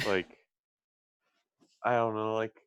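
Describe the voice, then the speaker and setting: A man's voice: lowish voice, level tone, slow, a bit bright, clean tone, dry recording. A man from Philadelphia with a mild Philadelphia accent, chatting casually as a podcast co-host and rambling with lots of "like". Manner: rambling, heavy use of "like". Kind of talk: casual chat.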